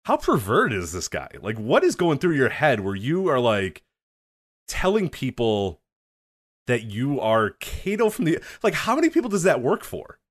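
A man's voice: mid-range voice, normal speed. A man co-hosting a wrestling podcast, telling a long story in casual chat, swearing, laughing and acting out quotes. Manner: animated, swearing, laughs often, acts out quotes. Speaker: podcast co-host.

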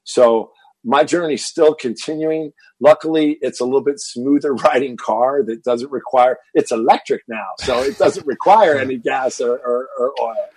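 Man, 50s, from Texas, husky voice, dry recording, animated storyteller, repeats words. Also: mid-range voice, normal speed, no room sound. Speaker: guest, fitness entrepreneur. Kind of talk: interview storytelling.

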